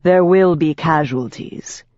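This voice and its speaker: Woman narrator doing a calculating young elf tycoon, low-voiced, clipped and insistent, in an audiobook. The sound is dry and a little dull, with no room around it. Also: takes it slowly, a little mellow, no echo. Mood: hard. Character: polished young male elf businessman, cold and calculating. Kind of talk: audiobook character voice.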